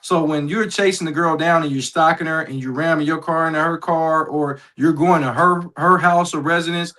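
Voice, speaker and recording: A man with a somewhat high voice talking casually on a sports podcast. He answers listener comments in a blunt, plainspoken way. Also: steady tone, moderate pace, sharp tone, rough recording. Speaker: podcast co-host.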